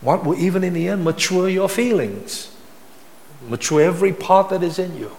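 Male pastor, sermon, fairly high voice, emphatic repetition, long hall echo. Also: normal speed, a little mellow. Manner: emphatic preaching, rising to high-pitched intensity, with repetition.

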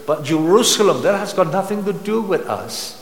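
A man preaching a sermon, reading Bible verses slowly and breaking off to explain them with asides and rhetorical questions. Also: high-pitched, lively intonation. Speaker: pastor. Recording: echoey hall.

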